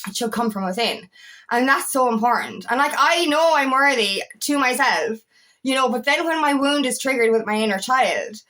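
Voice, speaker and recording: Earnest, emotional woman coach, high voice. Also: expressive, normal speed, fairly bright tone. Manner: raw, emotional, earnest, swears freely, repeats words. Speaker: feminine empowerment coach. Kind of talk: personal vlog talk.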